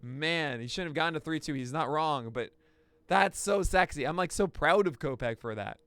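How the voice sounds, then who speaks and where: A man hosting a pitching analysis, talking through each pitch with excitable outbursts. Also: moderate pace, clean tone, no echo. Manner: excitable, bursts into shouts and laughs. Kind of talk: excited play-by-play pitch breakdown.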